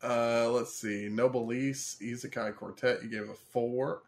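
Gravelly man teasing his co-host. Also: medium pitch, fairly even intonation, a little slow, background noise. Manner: teasing, quizzing others with dry questions. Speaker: podcast co-host. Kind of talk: casual chat.

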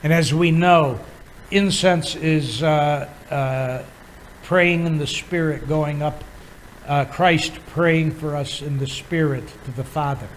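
Slow, halting male preacher. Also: fairly high pitch, a little hiss or hum, rough recording. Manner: halting, many filler pauses, chuckles while teaching. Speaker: pastor. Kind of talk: Bible teaching sermon.

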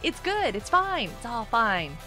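A woman hosting a casual gameplay live stream. She chats with viewers, greets them by name and breaks into excited outbursts. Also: a little high, a little slow, faint music behind.

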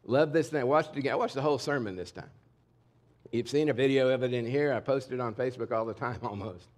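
A man's voice: mid-range voice, fast talker. Middle-aged man preaching with candid conviction. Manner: conversational, candid preaching that swings between loud and hushed. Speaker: pastor. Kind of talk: sermon. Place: church sanctuary.

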